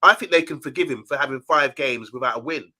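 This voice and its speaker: Male co-host, bright ringing tone, chatty, reads out viewer comments on a live stream. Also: mid-range voice, fast. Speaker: co-host of a fan channel live show. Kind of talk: casual live-stream chat.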